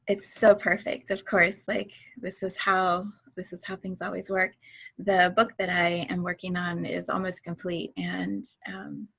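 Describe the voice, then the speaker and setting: A woman hosting a casual chat, effusive and quick to murmur along with her guests. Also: mid-range voice, fairly bright tone, husky. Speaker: host.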